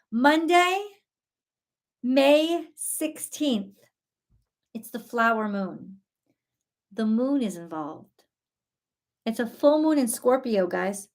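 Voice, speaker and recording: A woman giving a casual live tarot reading, excitable, talking to God and her viewers and swearing now and then. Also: high voice. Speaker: tarot reader.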